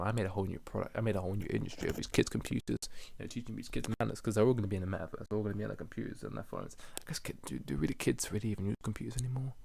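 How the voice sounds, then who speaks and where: A man's voice: on the low side, gravelly, darkish tone. A young man hosting a solo podcast, rambling casually with lots of fillers, slang and jokes. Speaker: podcast host.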